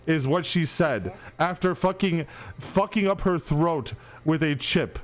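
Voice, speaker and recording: A man's voice: on the high side, measured pace. A young man hosting a stream, telling a long story in a rambling, profane way with lots of restarts. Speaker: streamer host. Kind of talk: casual storytelling to stream chat. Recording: faint music behind.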